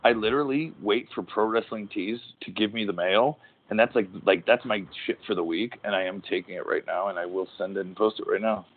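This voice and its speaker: A man's voice: fairly low pitch, brisk, hardly any pauses, slight background noise. A middle-aged man, a former pro wrestler hosting a podcast, talking in a rambling, profane, casual way and restarting his sentences. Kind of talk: casual chat. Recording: tinny phone-like audio.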